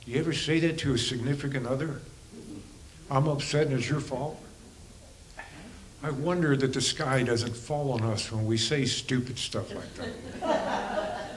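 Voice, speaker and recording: A man gives a reflective spiritual talk to a congregation at an ordinary pitch for a man. He muses aloud, throws in rhetorical questions and chuckles now and then. A faint hum of room ambience sits underneath. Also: moderate pace, low-quality recording. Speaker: spiritual teacher and counselor.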